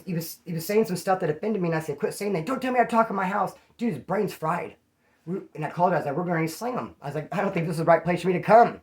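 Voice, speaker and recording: A man rattling off a rough personal story at a fast clip. His talk is loose and profane, full of street slang, and gets animated as he goes. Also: a little high. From California. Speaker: vlogger. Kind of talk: casual storytelling to camera.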